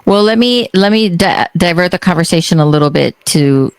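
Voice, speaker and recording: A woman's voice: fairly low pitch, expressive, a little fast, smooth, no echo. A woman podcast host leading an interview, affirming and chatty. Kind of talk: conversational interview.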